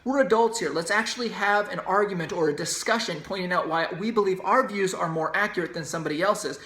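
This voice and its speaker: A man's voice: sits high, quick pace, fairly bright tone. A man hosts a solo opinion podcast and argues his points emphatically, in a ranting, insistent way. His voice carries a noticeable echo from the room around him. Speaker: podcast host. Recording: roomy echo.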